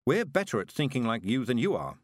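A man's voice: mid-range voice, big pitch swings, brisk, no room sound, studio quality. A man voicing a sinister shape-shifting creature that speaks as a girl, coaxing and menacing.

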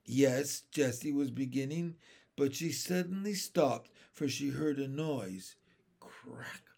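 A man reads a children's chapter book aloud in expressive storytelling. He goes very slowly with a lively, melodic rise and fall. His voice has a gravelly, creaky grain, sitting slightly high. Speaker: narrator.

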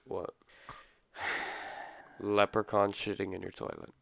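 A man's voice: fairly low pitch, level tone, slow, gravelly. Offhand rambling man, phone-like sound. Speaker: podcast co-host, tech guy. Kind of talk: casual profane banter. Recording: tinny lo-fi recording.

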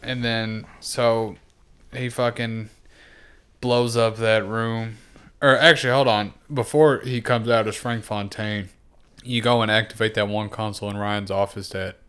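A man co-hosting a casual podcast, retelling scenes with profane, animated asides. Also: fairly low pitch, measured pace, clean tone. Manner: animated retelling with acted-out quotes; profane and laid-back. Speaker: podcast co-host. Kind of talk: casual chat.

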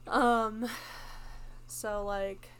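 A teenage girl co-hosting a podcast, talking in a relaxed, rambling way with lots of fillers. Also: mid-range voice, drawn-out words, clear, resonant tone. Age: teens. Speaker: podcast co-host. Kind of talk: casual chat.

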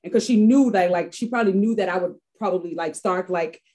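Brief: a woman from Harlem with a lowish, mellow voice, telling a personal story as an interview guest. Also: a little fast. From Harlem, New York. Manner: reflective, with frequent restarts and fillers.

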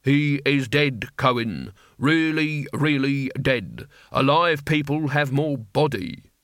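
A man voicing a blunt old barbarian who grumbles flatly. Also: mid-range voice, takes it slowly, dry recording, studio quality.

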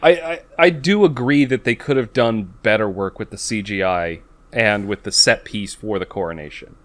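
A man's voice: lowish voice, normal speed. A man co-hosting a podcast in casual chat, talkative, repeating words as he starts a thought. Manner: talkative, repeats words when starting, quotes lines in a put-on voice. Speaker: podcast co-host.

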